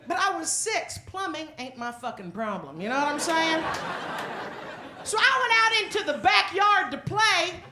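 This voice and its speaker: A woman stand-up comedian, telling crude, animated stories on a comedy club stage into a handheld mic. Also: sits high. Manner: brash, crude, animated storytelling. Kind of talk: stand-up set. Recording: echoey club with loud crowd and noise.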